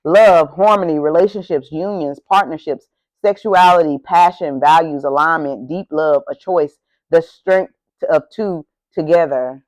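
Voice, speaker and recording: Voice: mid-range voice, unhurried, low-quality recording. Blunt, profane tarot reader ranting. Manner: blunt, heavily profane and emphatic; heated, ranting delivery. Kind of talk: casual tarot reading to camera.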